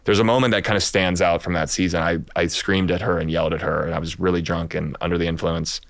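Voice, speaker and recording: A man hosts a podcast with a very low, gravelly voice, and he speaks candidly, stopping and restarting as he works through his thoughts. He is recorded close up in a dry space. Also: flat delivery, no room sound. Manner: candid, halting, confessional. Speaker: podcast host. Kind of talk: conversational podcast interview.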